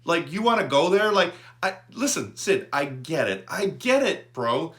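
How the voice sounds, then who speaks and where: A man hosting a fan channel, ranting about a sports figure in an animated, repetitive way. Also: fairly high pitch, unhurried. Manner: animated, repetitive, restarts words. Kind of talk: fired-up fan rant to camera.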